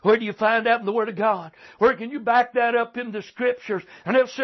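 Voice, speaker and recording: A man's voice: very high voice, fairly even intonation, a little fast, few pauses. A man preaching a sermon, fervent and repetitive, calling out "listen, friend.". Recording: dull lo-fi recording.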